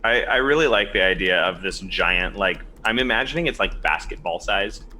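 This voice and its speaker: Bright-voiced man rambling at the game table. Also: low voice, normal speed, slight background noise. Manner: excited, rambling, laughing. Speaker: player.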